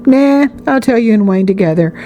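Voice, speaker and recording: A woman's voice: mid-range voice, expressive, fairly quick, warm tone, voice pushed up, lightly acted. A woman voicing an easygoing schoolboy who speaks casually and offhandedly. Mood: offhand. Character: easygoing schoolboy, older brother.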